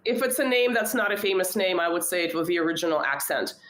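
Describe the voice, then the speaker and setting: A woman talks in a relaxed, conversational way, thinking aloud and hedging often. Her voice sits a little low. The room around her is noticeably echoey. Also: fast. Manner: thoughtful, hedging, frequent fillers. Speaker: podcast guest. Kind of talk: casual conversation.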